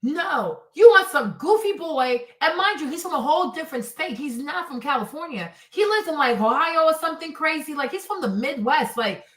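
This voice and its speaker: Exasperated high-voiced woman ranting. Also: moderate pace, few pauses, far from the mic. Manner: animated, exasperated, swears a lot; bursts into shouts. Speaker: host. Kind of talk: ranting commentary stream. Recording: echoey room, off the mic.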